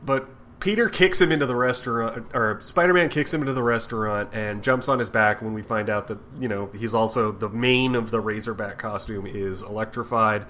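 A man's voice: on the low side, a little fast, bright, forceful tone, slight background noise. A man co-hosting a casual podcast, swearing a lot and laughing as he recaps a story. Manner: profane, laughing, acts out characters in goofy voices. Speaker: podcast co-host. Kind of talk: casual comics podcast chat.

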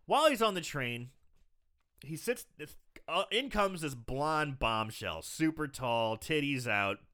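A man co-hosting a podcast, casually retelling a film's scenes with animated storytelling. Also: fairly high pitch, slow. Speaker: podcast co-host. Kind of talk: casual movie recap chat.

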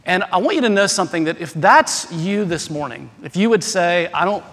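A man, a pastor, delivering an Easter sermon, shifting between a soft prayer and humorous stories told to his congregation. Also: high voice, animated, moderate pace. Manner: humorous storytelling with self-deprecating asides. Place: large church sanctuary. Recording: long hall reverb.

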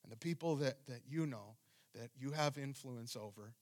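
A man's voice: medium pitch, normal speed. A man preaching a sermon as pastor, reading scripture and speaking with fervent emphasis.

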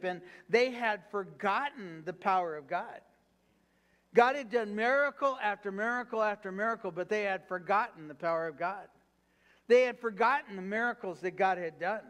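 Male pastor, high voice, fervent preaching with call-and-response. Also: fairly quick, a bit bright. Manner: reads scripture aloud, then applies it with fervent repetition. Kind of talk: sermon.

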